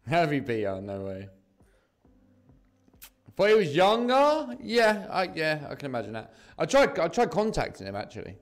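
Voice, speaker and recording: A man's voice: on the high side, huge pitch swings, normal speed. A young English man from southeast England, chatting casually with viewers on a slots live stream and calling them mate and bro.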